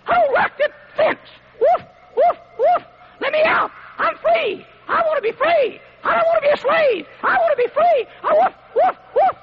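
A shrill little Chihuahua. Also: male voice, moderate pace, slight background noise. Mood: whiny. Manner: shrill yelping barks. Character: small yapping male Chihuahua begging to get out. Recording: dull lo-fi recording.

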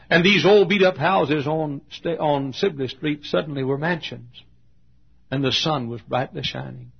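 A gravelly, husky older man preaches in a folksy storytelling sermon, stumbling over repeated words and coughing often. His voice carries through a church auditorium on a dull, lo-fi recording. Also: mid-range voice. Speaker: pastor.

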